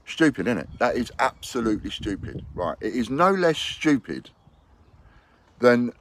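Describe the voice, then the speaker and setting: A man's voice: mid-range voice, big pitch swings, moderate pace, slight background noise. A man speaking to his investors in an unscripted, blunt and rambling monologue. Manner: blunt and rambling, with hypothetical quotes. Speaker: business owner addressing investors.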